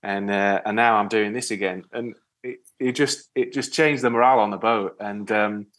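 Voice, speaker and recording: A man telling a story in a relaxed interview, rambling with many restarts and often trailing off quietly. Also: on the low side, moderate pace. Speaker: podcast guest, ocean rower. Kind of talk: casual interview chat.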